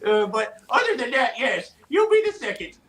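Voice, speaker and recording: A man's voice: extremely high pitch, big pitch swings, normal speed, a bit bright, heavily acted. A man voicing a tall, easygoing male goblin with ogre blood, who rambles with lots of "uh" and "you know" in a livestream interview. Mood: amused.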